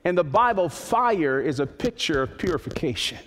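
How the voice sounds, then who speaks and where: A male pastor preaching a sermon, building to loud high peaks and then dropping to slow, quiet emphasis. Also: sing-song. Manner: preaching with sudden swells to high, loud climaxes and soft, slow drops. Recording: long hall reverb.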